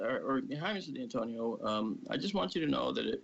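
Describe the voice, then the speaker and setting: Gravelly man telling a story. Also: mid-range voice, a little fast, hardly any pauses. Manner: animated storyteller, acts out quoted voices. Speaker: guest. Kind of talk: casual storytelling on a live stream. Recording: dull lo-fi stream audio.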